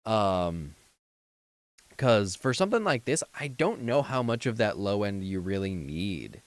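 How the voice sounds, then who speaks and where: A man's voice: lowish voice, big pitch swings, measured pace, no echo. A man streaming late at night, tired and yawning, giving a viewer rambling, filler-heavy advice on mixing and flow. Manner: rambling, full of fillers and restarts, gives mixing tips. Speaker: streamer reviewing a viewer's song. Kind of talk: casual feedback chat on a livestream.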